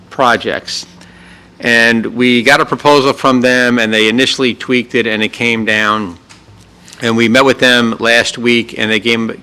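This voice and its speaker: Bright-voiced man giving a meeting report. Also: medium pitch, smooth, low-quality recording. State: losing his voice. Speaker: city manager.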